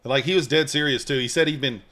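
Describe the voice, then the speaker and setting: A man's voice: mid-range voice, fast talker, sharp tone. A man hosting a live trading stream, chatting casually, joking and answering viewers' comments. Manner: laid-back, joking, reads and answers chat. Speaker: livestream trading host.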